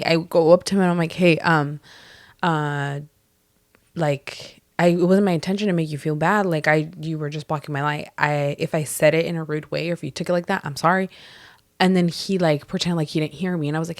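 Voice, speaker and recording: A woman's voice: sits low, fairly even intonation, brisk, no echo, clean studio sound. A young woman co-hosting a podcast, telling a workplace story in casual chat, acting out quotes and swearing freely. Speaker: podcast co-host.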